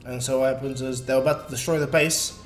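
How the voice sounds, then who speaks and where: A man's voice: mid-range voice, fairly even intonation, fast. A man casually narrating a fan-made story, rambling with restarts and fillers. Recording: echoey room, faint music.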